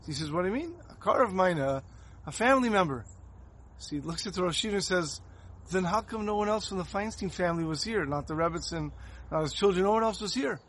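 A man's voice: sits high, lively intonation, fast talker, a bit bright, slight background noise. Earnest man telling a Torah story. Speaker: rabbi giving a Torah talk. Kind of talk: sermon with storytelling.

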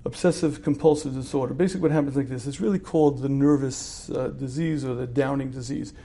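A man's voice: mid-range voice, fairly even intonation, quick pace, warm tone. Conversational man teaching with rhetorical questions. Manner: conversational, rhetorical questions, clears throat often. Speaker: religious teacher. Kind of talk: lecture.

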